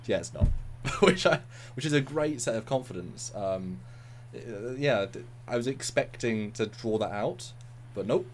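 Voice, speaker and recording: A man co-hosting a casual review chat, talking in animated bursts and repeating words. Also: medium pitch, unhurried, soft background music. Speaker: co-host of a review show.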